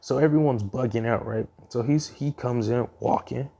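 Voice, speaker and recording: Gravelly man rambling through a fan story. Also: medium pitch, normal speed, mellow. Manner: rambling, with frequent ums and restarts. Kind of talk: casual spoken retelling of a fan story.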